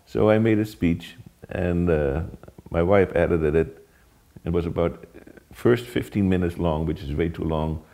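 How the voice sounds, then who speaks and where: An older man from the Netherlands, telling his life story in a plain, halting way with frequent pauses. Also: low-pitched, creaky, dark tone. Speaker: Holocaust survivor giving testimony. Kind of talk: spoken personal testimony.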